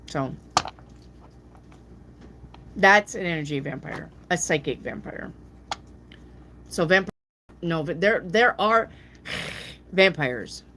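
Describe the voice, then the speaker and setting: A woman giving casual live tarot readings, answering viewer questions bluntly, swearing freely and mimicking people in a high voice. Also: animated, slow pace, pauses often, bright, forceful tone, slight background noise.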